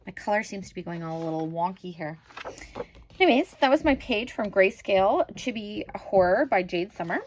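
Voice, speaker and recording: A woman in her thirties talks through her coloring pages at home in an easy, rambling way. She is quick to critique her own work and leans on fillers between thoughts. Her pitch sits in a middling range. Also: lively intonation, low-quality recording. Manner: chatty, self-critical, many fillers. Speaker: crafting channel host. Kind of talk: casual show-and-tell of coloring pages.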